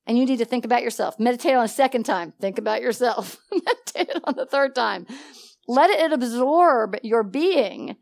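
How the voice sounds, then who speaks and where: Woman, Bible study teacher, bright higher voice, lively, laughs easily, acts out dialogue. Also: normal speed, creaky. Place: church meeting room.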